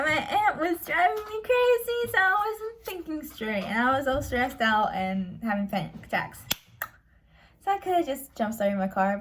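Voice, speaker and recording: A young woman talks straight to camera at home, rambling through a stressful family story, cursing and apologizing as she goes. Her voice sits at a middle pitch. A faint hiss runs under the recording. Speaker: vlogger. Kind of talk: personal storytelling vlog.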